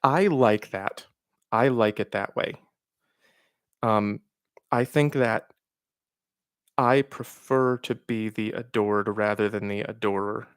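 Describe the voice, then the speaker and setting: A man hosting a live question-and-answer stream, reading out viewer questions and giving frank, reflective advice with pauses and fillers. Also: on the low side, steady tone, clear, resonant tone, no room sound, studio quality. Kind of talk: casual livestream Q&A.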